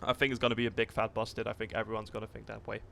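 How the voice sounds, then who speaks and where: A man streaming a tank game live, thinking aloud in a rambling, relaxed way and swearing casually as he sets up a test with viewers. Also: lowish voice, racing, vocal fry, a little hiss or hum. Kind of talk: casual livestream commentary.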